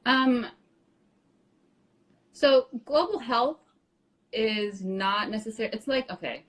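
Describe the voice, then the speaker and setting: A woman's voice: on the high side, slow, rough recording. A woman co-hosting a casual live-stream chat, speaking loosely with lots of "like" and "um". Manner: casual, heavy on "like" and "um", laughs easily. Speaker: co-host.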